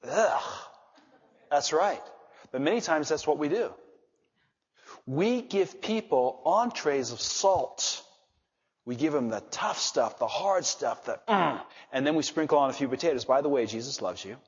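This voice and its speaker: A man preaching a sermon, his slightly husky voice swinging from soft asides to loud emphasis. The recording is dull and muffled, with a long reverb trailing each phrase. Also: a little high, lively intonation, a little slow. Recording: dull reverberant hall sound.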